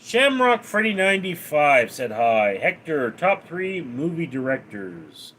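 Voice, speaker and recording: A man's voice: measured pace, a little hiss or hum. Man reading out stream chat, singsong. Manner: reads donor names and questions aloud in a lively raised voice, then answers flat and low. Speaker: livestream host reading chat. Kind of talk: casual livestream Q&A.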